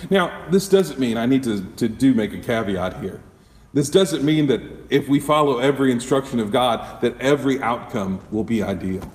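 Pastor preaching in an echoing hall. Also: male voice, medium pitch, lively intonation, moderate pace. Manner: conversational, with self-corrections and rhetorical questions. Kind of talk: sermon. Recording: echoey hall, mic at a distance.

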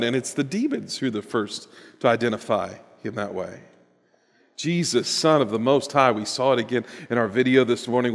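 A man preaching a sermon in a church, animated and building to emphatic bursts. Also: medium pitch. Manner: animated, rising to emphatic bursts, with chuckles and repetitions. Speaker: pastor. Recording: long reverb of a large hall.

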